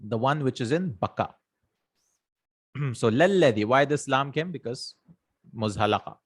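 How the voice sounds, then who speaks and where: A male teacher works through a grammar lesson at a patient pace. He reads out example sentences and translates each one. He keeps checking in with his listeners. His voice sits at an ordinary middle pitch for a man. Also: a little slow, husky. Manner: explains patiently, often checks in with "right?" and "hmm?". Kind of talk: explanatory lesson.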